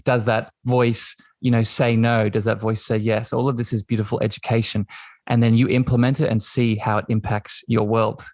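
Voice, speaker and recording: A male podcast host with a low, flat voice speaks gently and affirmingly, tagging his points with "right?". The recording is dry and close, with no room sound. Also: normal speed, no echo. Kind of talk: conversational interview.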